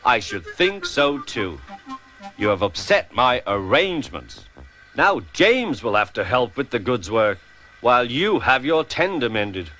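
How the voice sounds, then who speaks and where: A man's voice: medium pitch, sing-song, bright, forceful tone, soft background music. A man as a stern, pompous railway boss. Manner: stern, measured.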